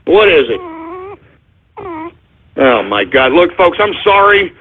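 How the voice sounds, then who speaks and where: A man hosting a talk radio show, ranting loudly with exasperated outbursts. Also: on the high side, very animated, slow. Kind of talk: ranting call-in radio monologue. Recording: tinny phone-line audio.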